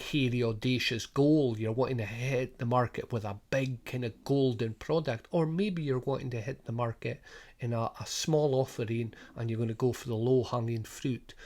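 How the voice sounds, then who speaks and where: Middle-aged Highland Scots man, mid-pitched, casual coach talk, loose and full of rhetorical questions. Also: a little mellow. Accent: Scottish Highlands. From Scotland. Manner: rambling, many restarts and rhetorical questions. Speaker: sports business coach. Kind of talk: informal spoken programme overview.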